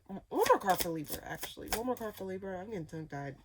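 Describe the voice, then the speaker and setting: A woman's voice: mid-range voice, expressive, fast, background noise. A woman giving a casual tarot reading, talking in loose rambling sentences full of fillers, restarts and repeated phrases. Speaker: tarot reader.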